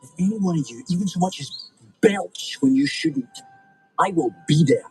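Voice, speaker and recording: A menacing cop dad. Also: male voice, high-pitched, big pitch swings, gravelly, dark tone, soft background music, exaggerated voice, rough recording. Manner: menacing, slow, deliberate threats. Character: protective cop father threatening teen boys.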